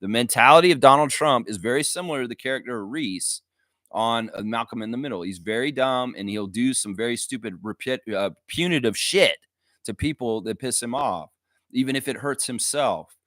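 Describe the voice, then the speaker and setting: A man's voice: medium pitch, a little fast, a bit bright, no room sound, studio quality. A man hosting a live fan reaction stream, talking casually with strong opinions and reading viewer comments aloud. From United States and Canada. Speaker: fan show host.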